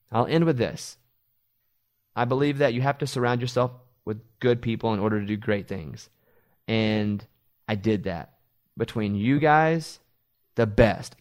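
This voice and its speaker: A middle-aged man hosting a radio show, telling stories in a loose, animated way. He slips into other people's voices when he quotes them, in a middle-range pitch. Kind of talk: casual chat.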